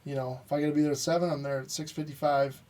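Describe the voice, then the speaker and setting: A man's voice: on the high side, level tone, racing, darkish tone, recorded from a distance. A man telling a matter-of-fact story in a casual podcast chat.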